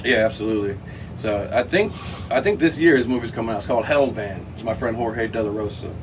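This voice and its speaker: A man talking as a podcast guest, relaxed and rambling, with lots of fillers. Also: lowish voice, fast talker. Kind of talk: casual chat. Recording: distant mic with clear background noise.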